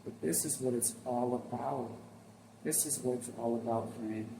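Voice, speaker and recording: Gravelly heartfelt man hosting reactions. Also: mid-range voice, normal speed, warm tone, a little hiss or hum. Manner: heartfelt, addresses viewers as friend; easily moved to tears. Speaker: channel host. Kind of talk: reaction commentary on video clips.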